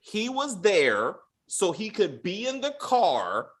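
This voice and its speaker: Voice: medium pitch, wildly swooping pitch, slow pace, over a noisy crowd. A podcast host ranting casually and with a lot of profanity while reviewing a TV episode. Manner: profane, exasperated ranting with acted-out quotes.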